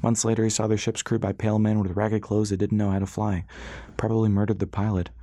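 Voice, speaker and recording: Narrator as a sardonic young mechanic, low and dry, audiobook. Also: male voice, little pitch movement, fast talker, dark tone, no room sound, lightly acted. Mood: wry. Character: wry young male airship mechanic.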